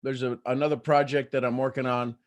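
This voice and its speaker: A man hosting a casual morning livestream, talking in an animated way and laughing often. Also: medium pitch, fairly quick. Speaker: host.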